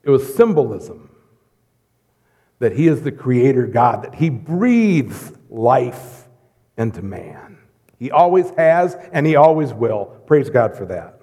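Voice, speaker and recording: Animated preacher in a reverberant hall. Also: male voice, medium pitch, unhurried. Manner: animated, jokey, swings between loud and hushed. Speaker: pastor. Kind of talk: sermon. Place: church sanctuary.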